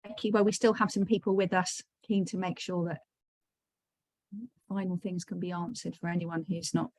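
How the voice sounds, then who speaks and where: Lower-voiced woman hosting, chatty and encouraging, dry close sound on a call. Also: flat delivery, normal speed, darkish tone, no room sound. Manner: encouraging, chatty, many fillers. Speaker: session host. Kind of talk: hosting an online training session.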